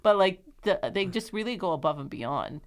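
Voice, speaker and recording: A young woman telling stories softly in casual conversation, with many fillers. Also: on the low side, animated, moderate pace. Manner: soft, storytelling with many fillers. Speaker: podcast guest.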